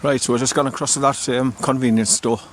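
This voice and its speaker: An older man rambles cheerfully through a casual walking vlog, stopping for fillers and quick self-corrections. His voice sits at an ordinary middle pitch. A faint hum of outdoor air and passing traffic runs under him as he films by a river. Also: fairly even intonation. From North East England. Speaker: vlogger. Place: outdoors by a river in a small town.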